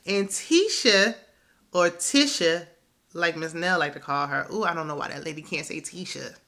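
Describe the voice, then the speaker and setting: Chatty bright-voiced woman recapping TV. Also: fairly low pitch, lively intonation, normal speed. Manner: chatty, opinionated, laughs often. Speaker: reality TV recap host. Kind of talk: casual recap commentary.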